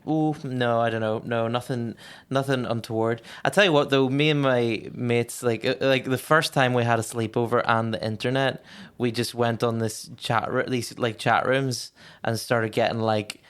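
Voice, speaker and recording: A man's voice: medium pitch, fairly even intonation, normal speed, fairly bright tone, smooth. A man with a Northern Irish accent, a guest on a podcast, trading wry, sweary jokes in casual banter.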